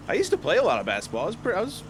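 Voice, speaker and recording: A young male streamer chatting over a game, his pitch a touch high and swinging widely as he tells stories with frequent laughter. A faint hiss of noise sits under the voice. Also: rapid-fire. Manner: animated storytelling, laughs often. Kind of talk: casual chat while gaming.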